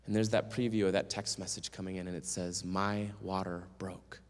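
A man with a low voice speaks at normal speed as a guest speaker and singer, delivering a storytelling sermon in a church sanctuary. He animatedly acts out the voices of the people in his story, and the recording carries a long church reverb.

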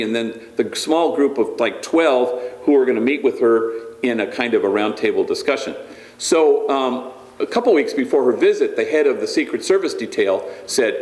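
A man's voice: mid-range voice, lively intonation, moderate pace, a little mellow, roomy sound. A man, a priest, giving a storytelling lecture with humor and frequent restarts. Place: lecture hall.

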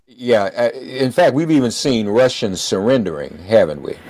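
A man's voice: lowish voice, expressive, moderate pace, darkish tone. A man hosting an interview, greeting his guest in a friendly, conversational way. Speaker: show host. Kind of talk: casual interview.

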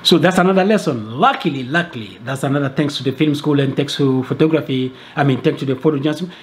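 A man telling a travel story to camera, animated and full of restarts and repeated words. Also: medium pitch, quick pace, a little hiss or hum. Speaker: travel video creator.

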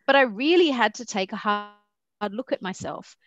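A woman's voice: a little high, animated, moderate pace, a bit bright, no echo, highs cut off, faint music behind. Candid woman telling stories on a panel. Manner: candid, reflective, acts out quoted dialogue. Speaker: company founder and panelist. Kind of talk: conversational panel talk with personal stories.

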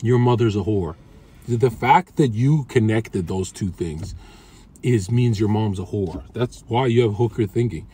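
A man's voice: fairly low pitch, measured pace, dark tone, slightly rough. A man streaming from his car, talking in brash, crude trash-talk to his chat. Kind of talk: casual livestream chat.

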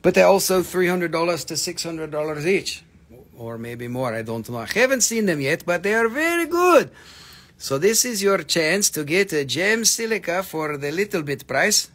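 Playful, high-voiced man hawking crystals. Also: very animated, normal speed, a bit bright. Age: adult with a daughter. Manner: playful salesman patter with a put-on joke voice and cursing. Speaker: host selling crystals on a live stream. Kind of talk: live sales stream chat.

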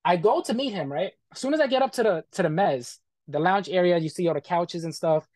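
A man's voice: high voice, expressive, a little fast, darkish tone, no echo, studio quality. A man being interviewed, bluntly retelling a bad experience in casual, profane talk full of quoted back-and-forth.

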